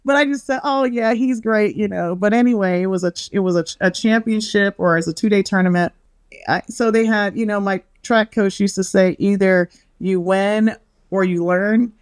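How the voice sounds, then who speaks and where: A woman's voice: mid-range voice, normal speed, smooth, dry recording, clean studio sound. A middle-aged woman on a podcast, a bubbly storyteller who acts out quotes and laughs often. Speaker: podcast guest, wellness author. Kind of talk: casual interview chat.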